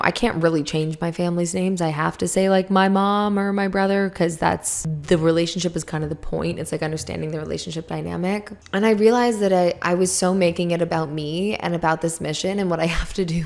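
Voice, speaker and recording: A woman's voice: fairly low pitch, vocal fry, darkish tone. A young adult woman hosting her own podcast, talking candidly and rambling through her thoughts with frequent laughs, her mouth dry around a lozenge. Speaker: podcast host. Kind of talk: confessional solo podcast.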